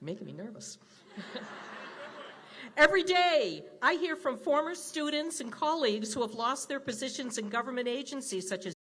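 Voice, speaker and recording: Older woman, 60s, high bright voice, indignant rally speaker on a podium mic. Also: fairly quick, hardly any pauses. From Wisconsin. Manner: indignant, rousing. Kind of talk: fiery rally speech. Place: large indoor rally with crowd.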